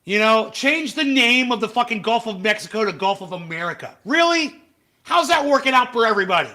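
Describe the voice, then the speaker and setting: A man with a high, bright, cutting voice rants through a livestream, swearing and hurling insults at the clips he reacts to. His talk lurches between muttered asides and sudden yells. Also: lively intonation, a little fast. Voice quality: profane, angry, shouting insults. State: has facial palsy flare-up. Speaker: livestream host. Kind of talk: ranting live commentary.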